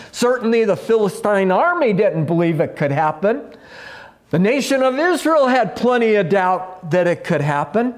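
A man preaching a sermon in a slow, measured way, letting his phrases drop low at the ends. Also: big pitch swings. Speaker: pastor.

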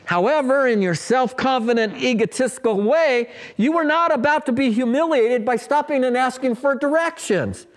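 High-pitched guy pastor giving a folksy sermon, punchy and joking. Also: moderate pace, few pauses. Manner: folksy, emphatic preaching with humorous asides.

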